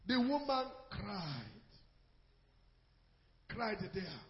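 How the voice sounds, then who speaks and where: A man preaching a sermon, telling a story that moves between loud exhortation and low, quiet narration. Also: sing-song, very slow, big-room sound, highs cut off. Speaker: pastor.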